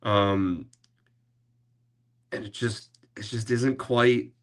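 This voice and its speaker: A man's voice: lowish voice, steady tone, very slow. A man hosting a casual sports podcast, talking in a rambling way with many fillers and restarts. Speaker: podcast host.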